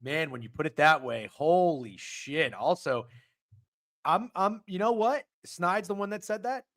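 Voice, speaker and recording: A man co-hosting a casual sports stream, swinging between loud outbursts and muttered asides. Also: on the high side, expressive, a little slow. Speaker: co-host of a sports betting stream. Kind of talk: casual profane sports chat.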